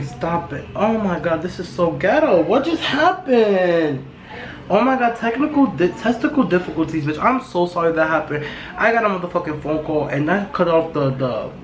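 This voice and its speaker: Woman, podcast host, loud, profane, gossipy, casual chat, echoey room, faint background noise. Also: lowish voice.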